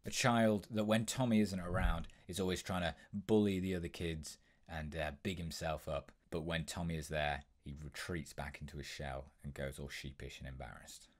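Low-voiced young man teaching impressions. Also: steady tone. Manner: brisk, instructive, with frequent ums. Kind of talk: tutorial explanation.

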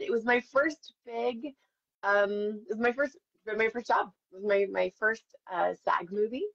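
Through dull, lo-fi stream audio, a forties-aged actress chats with fans and spins stories as she signs autographs, with a chatty, self-deprecating manner. Her medium-pitched voice is unhurried and fairly bright, carrying vocal fry.

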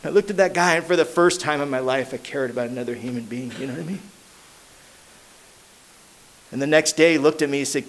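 A man speaking at a recovery meeting, telling his own story in a casual, slangy way and going quiet at the hard parts. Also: sits high, fast. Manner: casual, slangy storytelling, dropping to a hushed voice at emotional moments. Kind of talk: personal recovery story told to a crowd. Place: meeting hall.

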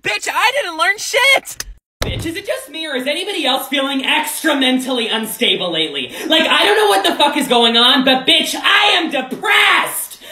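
Sassy high-voiced creator ranting with bursts of shouting. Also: male voice. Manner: sassy, profane, dramatic outbursts. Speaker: TikTok creator. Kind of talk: comedic rants to camera.

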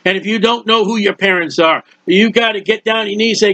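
A man's voice: sits high, fast, few pauses, sharp tone, no room sound. Older man, earnest folksy sermon, dry close sound, muffled lo-fi recording. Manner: earnest, folksy and rambling, acting out prayers and quotes. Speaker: preacher. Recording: dull, lo-fi recording.

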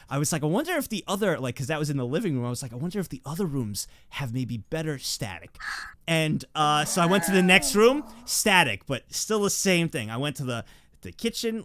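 Lively man telling a story. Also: fairly high pitch, no room sound. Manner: animated storyteller, shouts when acting out scenes. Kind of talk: casual storytelling chat.

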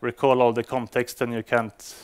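Halting man giving a tech talk. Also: mid-range voice, level tone, smooth. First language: Swedish. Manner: hesitant, many fillers and restarts. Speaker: conference speaker. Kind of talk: conference talk.

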